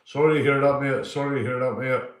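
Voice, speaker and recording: A man of around fifty-five from Northern Ireland hosts a livestream, his mid-range voice level in tone and quick in pace. He chats casually and reads comments, rambling, swearing and repeating himself, captured from a distance in an echoey room.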